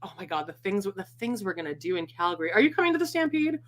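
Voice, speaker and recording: A woman's voice: medium pitch, big pitch swings, fast. A woman hosting a podcast, chatting casually, laughing often and swearing freely. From Canada. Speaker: podcast host. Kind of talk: casual chat.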